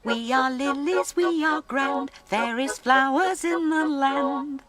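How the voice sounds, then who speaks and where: A woman's voice: sits high, huge pitch swings, measured pace, a crowd in the background, pitched above the performer's own voice, exaggerated voice. A woman voicing a group of proud, snobbish lilies in a children's storybook tale, pompous and shrieking. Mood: proud singing. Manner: pompous, shrieking, sing-song. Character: snooty haughty female lilies, proud and shrill.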